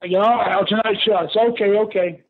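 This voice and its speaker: An older man telling lively stories as a guest in an interview, laughing often and calling the listener "brother". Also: high-pitched, fast talker. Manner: lively yarn-spinner who laughs often and says "brother". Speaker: guest, retired pro wrestler. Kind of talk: animated storytelling in an interview. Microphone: phone call. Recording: tinny phone line.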